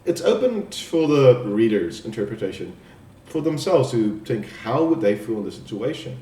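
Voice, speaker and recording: Mellow man explaining a poem, echoey. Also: medium pitch, very animated, a little hiss or hum. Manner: explanatory, halting, with restarts. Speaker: student presenter. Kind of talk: spoken poem analysis for an assignment. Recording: echoey room, distant mic.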